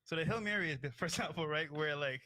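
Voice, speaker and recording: A man with a bright, forceful voice rattles through dating advice on a podcast. He speaks quickly and sounds close and dry. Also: fairly high pitch, no echo.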